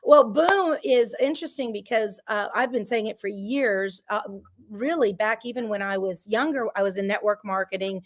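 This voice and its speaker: A middle-aged woman, a business coach and interview guest, talking in an energetic, emphatic, motivational way. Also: mid-range voice, normal speed. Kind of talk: casual interview chat.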